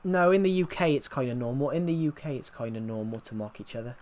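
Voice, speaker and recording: A man's voice: medium pitch, animated, fast, darkish tone. A man, chatting casually on a live stream, answering chat with many fillers and restarts. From England.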